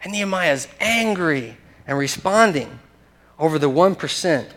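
A man with a fairly high voice preaches with animated emphasis. He often restarts his phrases, chuckles between points, and walks his listeners through a scripture passage. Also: unhurried. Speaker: pastor. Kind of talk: sermon.

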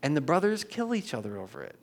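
A man's voice: a little high, huge pitch swings, quick pace. A middle-aged man preaching a sermon as a pastor, in a conversational way, often checking in with "right?" and restarting his sentences.

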